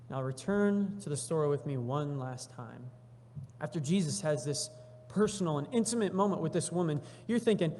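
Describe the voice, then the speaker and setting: Man preaching, somewhat high voice, reads scripture then acts out the story casually, church hall echo. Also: moderate pace, a little hiss or hum. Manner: reads scripture aloud, then retells it in animated everyday voices. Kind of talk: sermon. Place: church sanctuary.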